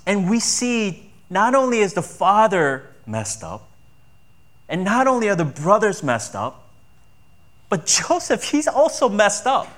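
Male pastor, slightly higher voice, chatty sermon delivery with rhetorical questions. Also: sing-song, unhurried, a bit bright. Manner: conversational preaching with rhetorical questions.

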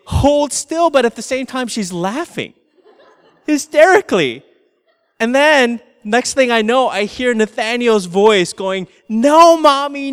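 A middle-aged man preaches a sermon, telling a family story with animated humor. His voice sits high and resonant. It rings out with a long reverb, as in a church hall. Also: clear, resonant tone. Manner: storytelling, animated, laughing through anecdotes. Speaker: pastor.

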